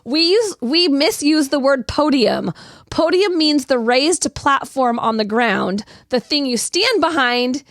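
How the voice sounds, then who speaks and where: A woman co-hosting a morning show, chatting casually and reacting quickly with giggles. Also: high-pitched, lively intonation, a bit bright, dry recording, studio quality. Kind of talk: casual morning radio banter.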